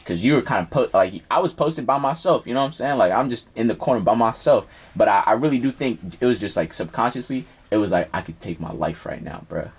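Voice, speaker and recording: A man's voice: mid-range voice, quick pace, few pauses, husky. A young man, a rapper, telling a personal story in a casual interview, full of slang and swearing. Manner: slangy, profane, animated storytelling. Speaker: rapper guest.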